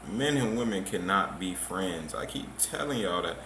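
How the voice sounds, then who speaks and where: A man's voice: low voice, animated, normal speed, gravelly. A male host giving casual commentary in a blunt, joking, slangy way. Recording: echoey room with faint noise.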